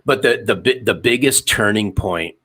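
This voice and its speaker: Emphatic man in his fifties, bright-voiced. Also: lowish voice, normal speed, slightly rough. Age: 50s. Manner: emphatic, repeats phrases for effect. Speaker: guest, sales author and podcaster. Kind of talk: storytelling interview answers.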